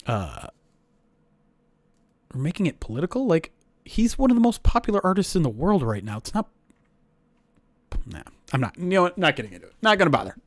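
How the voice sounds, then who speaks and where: A man hosting a livestream, casually calling a simulated football game and chatting with viewers, breaking into loud excited outbursts. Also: a little high, no room sound. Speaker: livestream host. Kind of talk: casual play-by-play and chat.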